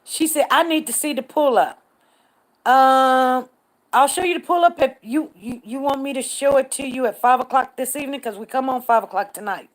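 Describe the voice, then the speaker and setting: A woman's voice: high voice, a little fast, low-quality recording. An older woman speaking hosts a casual livestream, chatting with viewers and answering their comments by name. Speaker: livestream news host. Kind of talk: casual live chat reading comments.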